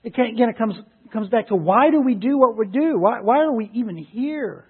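A man preaching an Easter sermon, emphatic and animated, who laughs as he retells stories. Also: very high-pitched, a little fast, breathy edge. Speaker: pastor. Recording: phone-like lo-fi sound.

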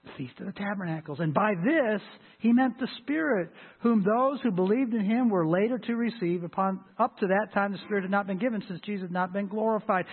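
A man preaching a sermon as pastor, with a husky voice and an emphatic delivery that swells loud and high on scripture. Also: fairly quick, few pauses. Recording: tinny lo-fi phone-like sound.

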